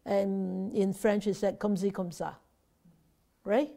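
Woman, Buddhist nun, Dharma teacher, informal online class, warm mellow tone, conversational, frequent restarts. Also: mid-range voice, level tone, takes it slowly, gravelly. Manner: conversational, often restarts and repeats words, checks in with listeners. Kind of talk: informal Dharma class over a video call.

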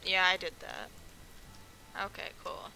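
Young woman gamer-streamer: casual, teasing, very bright sound. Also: a little slow, soft background music, poor audio. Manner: playful teasing. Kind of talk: casual chat while gaming.

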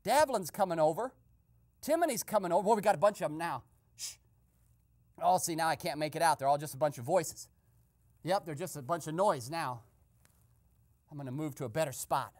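A woman voicing an excitable male radio host who eavesdrops and gives gossipy running commentary full of exclamations. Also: deep voice, brisk, pauses often. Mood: excited. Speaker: host and narrator. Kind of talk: comedic radio sketch narration.

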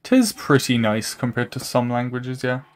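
A young man chatting casually with his chat while he plays a game, rambling, saying "like" a lot and laughing often. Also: moderate pace. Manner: animated pitch jumps, laughs often. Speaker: streamer. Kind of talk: casual live-stream chat while gaming.

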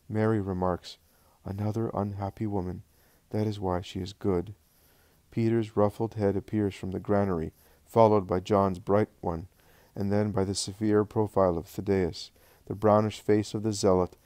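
A man reading a devotional book aloud as narrator, calm and measured. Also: fairly low pitch, dry recording. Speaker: audiobook narrator.

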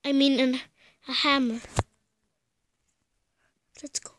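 A woman's voice: sits high, level tone, slow, fairly bright tone, no echo, faint music behind. A young woman commenting on a horror game from her bedroom, pleading and often dropping to a scared whisper. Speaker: gamer. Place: bedroom at home.

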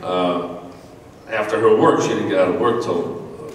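A man's voice: sits low, normal speed, a little hiss or hum. Rambling American man, echoey hall. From United States. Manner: rambling, animated anecdote with laughs and restarts. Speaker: convention guest actor. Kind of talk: storytelling Q&A on a panel. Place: large convention hall. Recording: echoey hall audio from far off.

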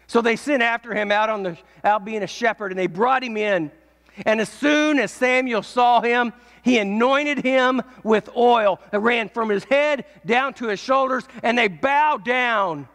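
A male pastor preaching a sermon, telling a story and swelling into shouts at its peaks. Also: high-pitched, normal speed. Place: church. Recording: echoey church hall.

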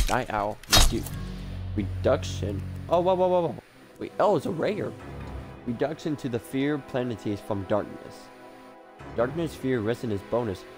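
A man with a mid-range voice hosts a gaming channel, giving casual gameplay commentary. He rambles, gets excitable, mocks himself, and swears often.

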